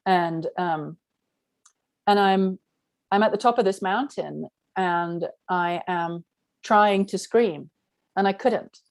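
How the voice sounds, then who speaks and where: In an online session, a middle-aged woman who teaches spiritual workshops rambles frankly through a personal story, leaning heavily on "like." She has a fairly low pitch, takes things slowly and pauses often, recorded dry.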